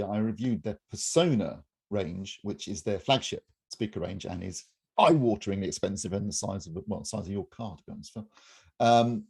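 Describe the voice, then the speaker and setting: Gravelly guy in his fifties, dark husky voice, rambling and joking. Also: on the low side. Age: 50s. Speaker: reviewer and co-host. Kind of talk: casual chat.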